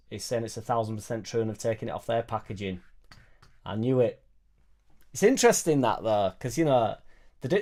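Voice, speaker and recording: A man's voice: mid-range voice, a little mellow. A man hosting a casual live stream from a home studio, chatting in a rambling, jokey way and reading out viewer comments. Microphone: suspended studio microphone.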